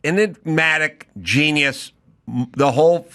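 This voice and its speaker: A man's voice: on the high side, a little slow, pushed and bright. A middle-aged man hosting a podcast in casual studio chat, blunt and jokey as he riffs. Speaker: podcast host.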